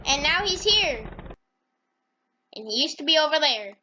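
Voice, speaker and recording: High-voiced woman hyping a comedic narration. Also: very animated, unhurried, pushed and bright, lo-fi sound. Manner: rambling, hyped, slangy. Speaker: game video narrator. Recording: noisy with engine sounds.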